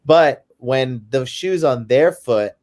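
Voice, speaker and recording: A man in mid-range pitch chatting on a podcast, crude and mocking as he tells his stories. He sounds animated and blunt. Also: slow pace. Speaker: podcast co-host. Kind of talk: casual chat.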